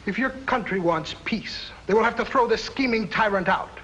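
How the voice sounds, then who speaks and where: An actor playing a scheming, accusatory foreign diplomat in a 1950s TV drama. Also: male voice, high-pitched, moderate pace, a bit bright, lo-fi sound. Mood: accusing. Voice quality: mocking, accusatory. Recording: old TV soundtrack with faint hiss.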